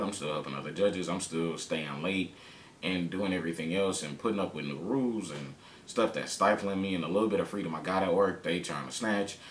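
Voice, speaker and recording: A man candidly telling his own story in a blunt, slangy, emphatic way, swearing freely and sometimes turning preachy. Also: fairly bright tone. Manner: turns motivational and preachy. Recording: roomy, distant mic, faint rumble.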